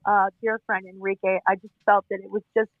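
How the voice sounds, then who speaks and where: A man's voice: sits high, level tone, fairly quick, dry recording. A man hosting an online audio room, speaking in an emotional, teary, apologetic way. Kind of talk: casual group call. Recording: phone-like, thin audio.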